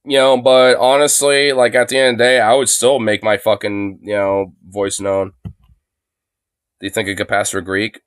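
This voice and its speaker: A man's voice: on the low side, level tone, unhurried, clean tone, no echo. A man streaming live commentary, rambling with constant fillers and frequent swearing. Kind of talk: livestream commentary. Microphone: phone.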